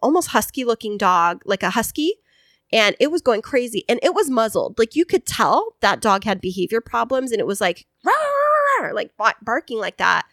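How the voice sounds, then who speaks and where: A woman's voice: on the high side, moderate pace, no room sound. A woman co-hosting a podcast, casually chatting and telling a story with lots of fillers and acted-out voices. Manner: chatty, animated storyteller who acts out voices. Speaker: podcast co-host.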